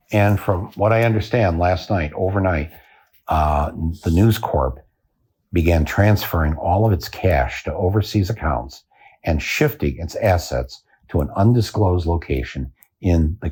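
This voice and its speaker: Older american guy doing a deadpan bit on his podcast, deep slow husky voice, laughs at his own jokes. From United States. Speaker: podcast host. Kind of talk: satirical podcast monologue.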